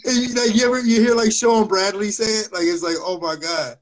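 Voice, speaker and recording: A man's voice: high-pitched, brisk, music in the background. A man chatting casually as a guest analyst, laid-back and laughing along. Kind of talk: casual chat.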